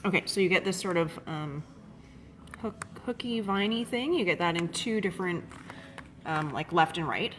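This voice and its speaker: A woman's voice: lowish voice, lively intonation, moderate pace, fairly bright tone, faint music behind. A woman hosting a live-streamed craft product demo, chatty and full of fillers, greeting viewers by name as she goes. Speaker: craft shop host.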